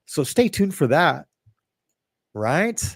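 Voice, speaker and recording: A middle-aged man with a slightly high, very animated voice and vocal fry talks slowly as he hosts a livestream podcast. He rambles casually, reads comments from chat and jokes at his own expense. There's no room sound.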